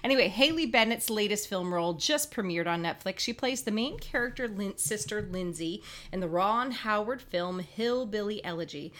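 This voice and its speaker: A young woman co-hosting a casual talk segment, chatty and quick to jump in with opinions. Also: medium pitch, lively intonation, a bit bright. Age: young adult. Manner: chatty, jumps in with opinions and laughs. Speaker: co-host. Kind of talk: casual chat show segment.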